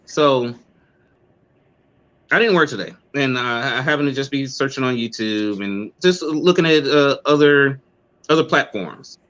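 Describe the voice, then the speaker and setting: Animated man telling a story, lo-fi. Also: mid-range voice, measured pace. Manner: animated storyteller with many restarts. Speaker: host of an online call-in talk show. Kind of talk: casual chat, storytelling.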